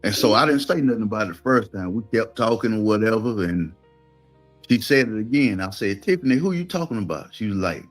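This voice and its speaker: A man with a Georgia drawl talks through a long personal story in a low, easy voice, slipping into the voices of the people he quotes. Soft music sits faintly behind him. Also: fairly quick. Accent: Southern US, Georgia. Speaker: guest telling his story. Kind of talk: casual storytelling.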